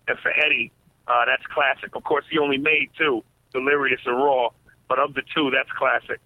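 A man's voice: medium pitch, fairly even intonation, normal speed, no room sound. Man's voice over a tinny phone line. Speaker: comedian guest.

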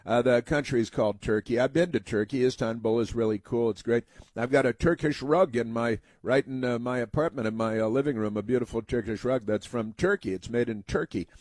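An American man hosts a talk radio monologue in a rambling, filler-heavy way, now and then mocking others in put-on voices. His voice sits at an ordinary pitch, recorded dry and close with no room around it. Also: brisk, a little mellow, dry recording. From United States.

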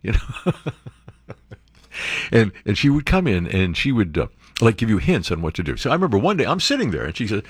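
An older man hosting a radio talk show, rambling and joking with asides and quick impressions. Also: on the low side, sing-song, husky, no echo, clean studio sound. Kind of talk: casual talk radio banter. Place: radio studio.

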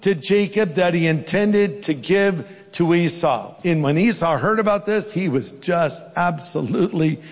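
A man preaching a sermon as a pastor, telling the story lively and acting out the characters' voices. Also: high-pitched, measured pace, hardly any pauses, big-room sound.

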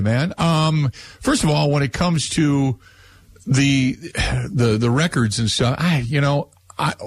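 A man hosting a call-in sports radio show, talking casually and rambling with fillers and restarts. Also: medium pitch. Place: radio studio.

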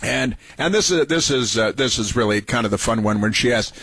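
A man's voice: medium pitch, expressive, a little fast, gravelly, hardly any pauses, a bit bright, husky, dry recording. A man hosting a radio talk show, giving sarcastic political commentary, mocking and repeating phrases for emphasis. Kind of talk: political commentary over played clips.

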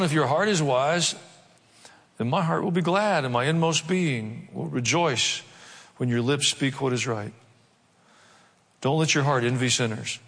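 A man's voice: medium pitch, fairly bright tone, in a large hall. A man preaching a sermon, reading scripture aloud and breaking off into humorous asides and mock voices. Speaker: pastor.

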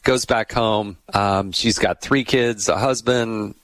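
A middle-aged man hosts a podcast in a loose, chatty way. His voice sits low, and the recording is dry with no room sound. He tells funny stories with quick little impressions. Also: fairly even intonation, a bit bright, no room sound. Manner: chatty, laughs often, acts out quoted voices. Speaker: podcast host. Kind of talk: casual interview chat.

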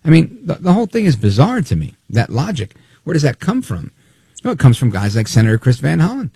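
A man hosting opinionated political talk radio, animated and snide, acting out quotes as he talks. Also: on the high side, fairly quick, husky, dry recording.

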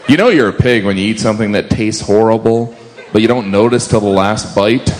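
A man's voice: on the low side, fairly quick, very noisy. A man doing a self-mocking stand-up routine, slipping into quoted voices as he goes. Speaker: stand-up comedian.

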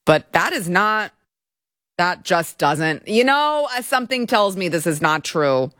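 A woman's voice: fairly low pitch, sing-song, measured pace, fairly bright tone, no echo, studio quality. A woman hosting a show, reading out and commenting on a court filing in a wry, incredulous way. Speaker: host.

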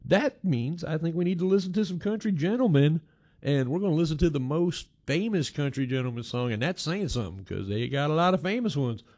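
Folksy, lively male radio host. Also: on the high side, no echo, clean studio sound. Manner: folksy, joking, laughs often. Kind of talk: casual radio chat.

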